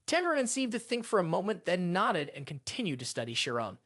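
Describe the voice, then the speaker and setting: Lively-pitched, dry story recap narrator. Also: brisk, hardly any pauses, dry recording.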